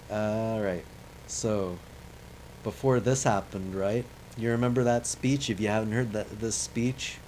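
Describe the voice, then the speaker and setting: A man with a lowish, darkish voice streams a space-flight game, offering rambling, chatty, self-deprecating commentary as he plays. The audio is poor, with slight background noise.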